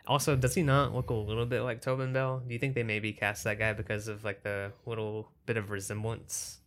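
A man's voice: fairly low pitch, level tone, fairly quick. A man co-hosting a podcast in casual chat, talking loosely and hedging his points with fillers. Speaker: podcast co-host.

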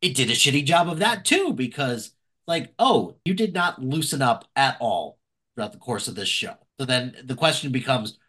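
A man's voice: medium pitch, very animated, moderate pace, fairly bright tone. A man co-hosting a podcast, giving wry, sarcastic remarks in casual chat. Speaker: podcast co-host.

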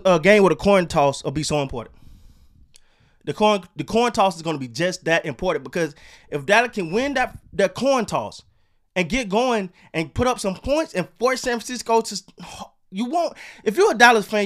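A man ranting casually about football and basketball, animated, swearing and repeating himself. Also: high-pitched. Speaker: sports commentator. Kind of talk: casual sports rant.

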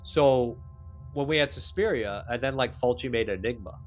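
A man's voice: mid-range voice, normal speed, soft background music. A man hosting a podcast, chatting casually about films, swearing often and breaking into acted-out voices. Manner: animated, swearing, acts out voices. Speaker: podcast host. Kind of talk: casual chat.

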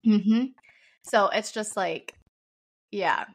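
A woman's voice: medium pitch, extremely slow. A young woman co-hosting a podcast, chatting casually with dry, teasing banter. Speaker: podcast co-host. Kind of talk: casual chat.

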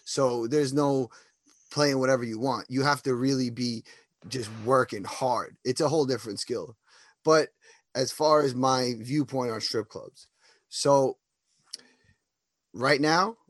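A man's voice: mid-range voice, no echo. A man who works as a DJ, co-hosting a podcast in easygoing casual chat and explaining at length. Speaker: DJ and podcast co-host.

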